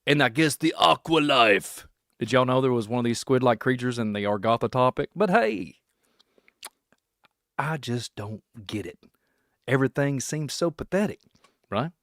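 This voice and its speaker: Excitable Kentucky man podcasting. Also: medium pitch, moderate pace, pauses often, no echo, clean studio sound. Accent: Kentucky Southern American. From Kentucky, USA. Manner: excitable, laughing, puts on silly voices. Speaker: podcast host. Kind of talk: rambling solo podcast monologue.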